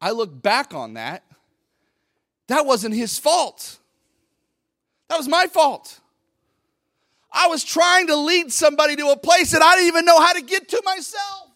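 A middle-aged male pastor preaching a Pentecostal sermon into a microphone in a church, talking conversationally and then swelling into loud, fervent bursts. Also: extremely high pitch, big pitch swings, measured pace, pauses often, no echo, studio quality. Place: church sanctuary. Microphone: handheld microphone at the pulpit.

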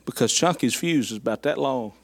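A man preaching, a folksy, animated storyteller who speaks to his congregation in southern address. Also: mid-range voice, a little fast, creaky. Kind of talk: storytelling sermon.

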